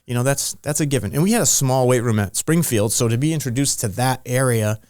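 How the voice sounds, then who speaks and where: Rambling, animated man on a dry mic. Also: mid-range voice, quick pace, no room sound. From Rhode Island. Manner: rambling, restarts often, animated storytelling. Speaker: strength and conditioning coach. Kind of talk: casual podcast interview.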